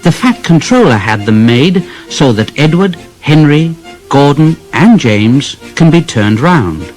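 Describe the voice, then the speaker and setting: A man reads a children's story aloud at a slow, deliberate pace. His pitch rises and falls in lively swings to keep the telling vivid, with faint music underneath. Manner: expressive, unhurried storytelling. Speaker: reader.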